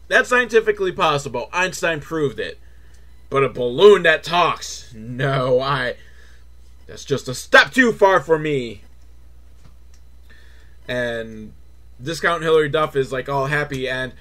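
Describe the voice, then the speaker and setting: Comic male reviewer, mocking and profane, slightly high voice with big pitch swings. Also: slow pace. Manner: sarcastic, swears, mocking kid-show cheer; swings between flat mutter and shrill excitement. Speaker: movie reviewer. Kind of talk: comedic movie recap.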